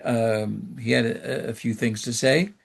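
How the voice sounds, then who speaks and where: Rabbi, male, gravelly mid-range voice, loose teaching talk full of ums and asides. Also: medium pitch, steady tone, a little slow. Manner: conversational storytelling with frequent fillers; reflective, rhetorical questions. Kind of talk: informal Torah class.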